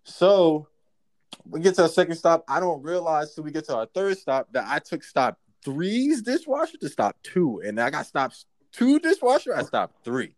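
A man casually telling a work story among friends, profane and animated, acting out what people said. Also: a little high, moderate pace. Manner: profane, animated, acts out quotes.

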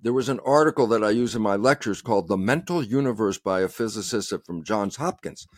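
A man's voice: on the low side, brisk, no echo. Emphatic man, dry close sound. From United States. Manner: animated, emphatic, quotes himself often. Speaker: guest scientist. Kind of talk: passionate interview talk.

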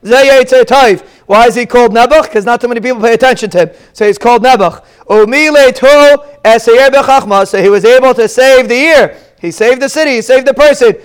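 A high-voiced man gives an animated daf shiur, a lively Torah lecture sprinkled with Yiddish and Hebrew terms. He talks briskly with hardly any pauses in a clean tone, telling stories as his pitch jumps up for emphasis.

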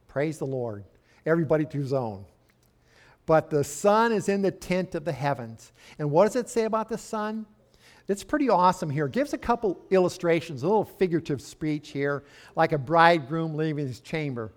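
A man's voice: fairly high pitch, lively intonation, normal speed. An older man giving a sermon as a pastor in a church, in a folksy, chatty way with asides to the congregation.

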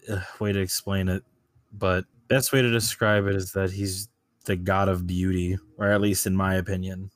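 A man voices his character in a tabletop game with a casual, halting delivery, often starting his sentences over. His voice is deep. The recording is dry and close. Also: dry recording. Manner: hesitant, restarts phrases, casual. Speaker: player.

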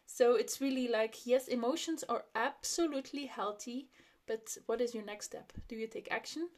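Young woman, solo podcast host, a little high-voiced, candid and reflective, laughs easily. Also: moderate pace, a little mellow. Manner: open, personal, laughs often, many restarts.

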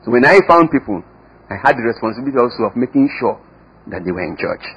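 A man preaching a sermon as pastor, emphatic, with sudden swings in loudness and pitch and repeated words. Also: expressive, fast, dull audio, slight background noise.

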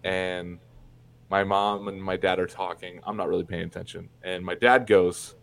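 Candid, swearing man with a low voice. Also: steady tone, moderate pace, vocal fry, a bit bright. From Indiana, USA. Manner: candid and profane, many fillers and restarts. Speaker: podcast guest. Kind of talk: casual interview storytelling.

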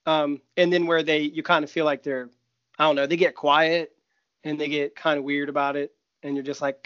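A man's voice: fairly high pitch, moderate pace, smooth, no room sound, highs cut off. A man co-hosting a podcast, chatting casually and laughing easily. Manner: laughs easily, friendly and relaxed. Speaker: podcast co-host. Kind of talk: casual chat.

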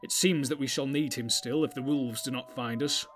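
A man's voice: mid-range voice, fairly even intonation, normal speed, slight background noise, close to an everyday voice. A man voicing a grim, proud male warrior who speaks bluntly and uneasily in a storybook reading.

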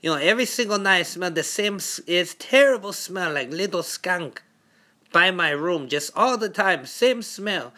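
A man's voice: high-pitched, expressive, moderate pace, pushed and bright. A man voicing his worried mother, who nags and complains dramatically in broken English. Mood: complaining.

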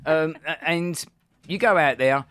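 Podcast co-host, man, fairly high bright voice, blunt and sweary. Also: measured pace, clear, resonant tone. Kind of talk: casual banter.

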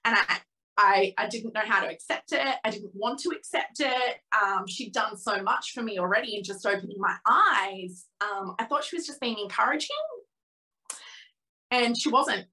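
A woman's voice: mid-range voice, normal speed, sharp tone, rough recording. A woman in her thirties as a podcast guest, telling a frank, emotional personal story with lots of fillers.

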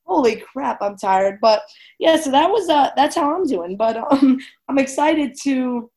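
A woman's voice: high voice, unhurried, a little mellow. A woman in her twenties co-hosting a podcast, chatting casually in a bubbly, giggly way, full of "like.". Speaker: podcast co-host. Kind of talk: casual chat.

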